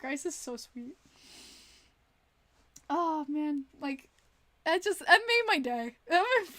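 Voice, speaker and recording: Young woman streamer with a high, unhurried voice and a dry sound. Rambling and giggly. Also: big pitch swings, a bit bright, no room sound. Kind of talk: casual livestream chat.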